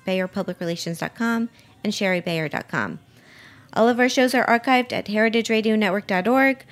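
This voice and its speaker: A chatty woman hosts a podcast interview. Her voice sits at a middle pitch. She talks casually, trips over restarts and laughs easily. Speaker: podcast host.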